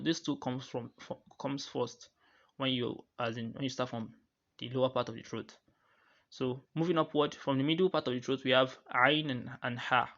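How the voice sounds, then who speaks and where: A patient male teacher walks through a poem line by line, restating each idea in new words. His voice sits at an ordinary middle pitch, and the recording sounds a little dull and lo-fi. Now and then he chants a verse quickly before explaining it. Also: a bit bright. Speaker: Quran recitation teacher.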